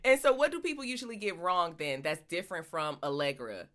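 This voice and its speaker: A woman hosting a podcast, asking questions in an animated way and laughing often. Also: on the low side, a little fast. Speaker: podcast host. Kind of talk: casual chat.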